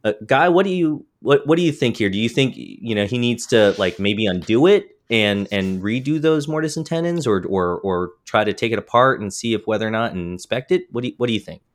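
ポッドキャストで木工の質問に答える男性。言いよどみやフィラーが多く、しゃっくりが出ている。. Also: male voice, mid-range voice, lively intonation, brisk, hardly any pauses. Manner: hesitant, many fillers and restarts. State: has the hiccups. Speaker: podcast co-host. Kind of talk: casual chat.

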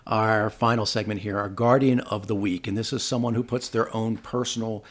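A man co-hosting a casual political talk show, speaking in a measured way with frequent "uh" pauses. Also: on the low side, fairly even intonation. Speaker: podcast co-host.

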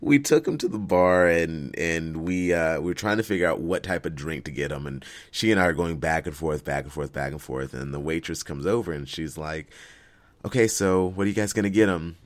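Podcast co-host, man, very low voice, lively storyteller who laughs a lot. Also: fairly quick, hardly any pauses. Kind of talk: casual chat.

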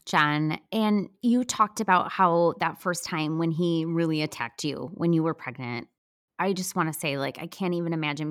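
Woman host, kinda low voice, sympathetic, recaps the guest's story, dry sound. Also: no room sound. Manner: sympathetic, repeats what the guest said. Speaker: podcast host. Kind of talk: interview.

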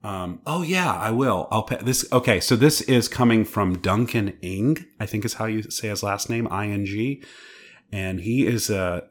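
Deep-voiced rambling male podcast host. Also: moderate pace. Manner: rambling, enthusiastic, with many fillers. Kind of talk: casual chat.

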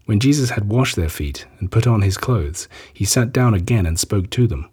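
A man reading a gospel chapter aloud in a measured, solemn narration. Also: lowish voice, expressive, darkish tone, breathy edge. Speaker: scripture reader. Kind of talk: scripted Bible reading.

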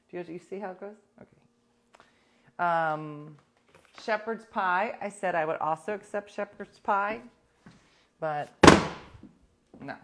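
A woman's voice: on the low side, a little hiss or hum. A woman hosting a casual livestream, telling stories to her viewers in a wry, sarcastic way. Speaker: livestream host.

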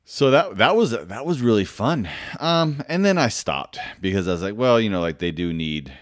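A man's voice: on the low side, animated, normal speed, no echo. A man casually telling a personal story, rambling and self-deprecating, with lots of fillers, restarts and swearing.

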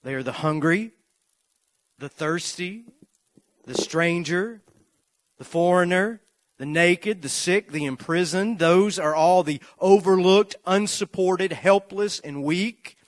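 A man preaching a sermon, moving from slow, measured lists to loud, rising repetition as he tells a story. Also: high voice, no room sound, clean studio sound.

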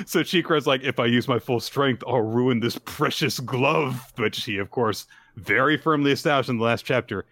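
A man co-hosting a casual podcast, retelling a manga chapter and acting out its characters' lines in quick voices. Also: medium pitch, a bit bright, dry recording. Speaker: podcast co-host. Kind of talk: casual manga recap chat.

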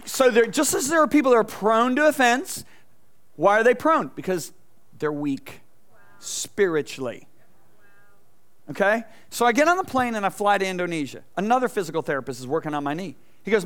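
A man preaching a lively sermon in a high, bright voice. He tells stories and acts out voices along the way, swinging from loud bursts to soft asides as he talks to the congregation. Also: fairly quick. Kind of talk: energetic sermon with stage demonstration. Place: church stage before a congregation.

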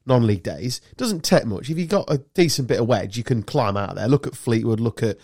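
A man's voice: medium pitch, lively intonation, fast talker, darkish tone, breathy edge, no echo, studio quality. A man from England hosting a casual football chat podcast, joking and bantering with friends. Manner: joking, banter-filled, sweary. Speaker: podcast host.

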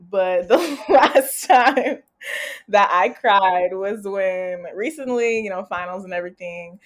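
A young adult woman, a college student guest, telling stories in casual chat with expressive laughter. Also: mid-range voice. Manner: expressive storyteller, laughing while she talks.

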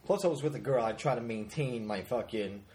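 A man's voice: medium pitch, brisk, a little mellow, reverberant. A man telling a crude, rambling story in a casual podcast chat. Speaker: podcast co-host.

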